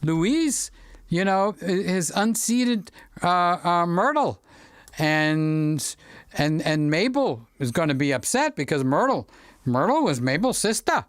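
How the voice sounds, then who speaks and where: A middle-aged livestream host chats casually into a studio microphone, reading viewer comments aloud, cracking jokes and wandering off topic. His high voice swings widely in pitch, smooth and slow, in a dry recording.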